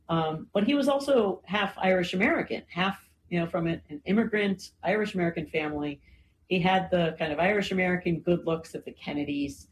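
Woman with a lowish voice talking it through like a lecture, lots of "you know", bit of faint hiss behind. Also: poor audio. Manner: frequent "right?" and "you know" fillers, thoughtful. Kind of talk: conversational lecture.

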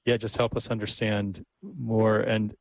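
A man's voice: lowish voice, fairly even intonation, unhurried, vocal fry, rough recording. A man hosting an interview who asks long, winding questions. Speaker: host, interviewer. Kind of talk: interview conversation.

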